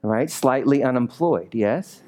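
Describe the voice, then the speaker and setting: A man's voice: medium pitch, a little slow, warm tone. A man preaching a sermon as a pastor in a church, speaking conversationally and animatedly and often checking in with the congregation.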